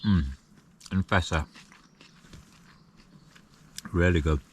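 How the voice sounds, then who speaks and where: A man with a very deep voice and a Yorkshire accent talks to camera from inside a small tent. He is chatty and self-mocking, chuckling as he goes, like a seasoned wild camper sharing his evening. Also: steady tone, very slow, noisy background. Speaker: wild camping vlogger. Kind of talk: casual camping vlog chat.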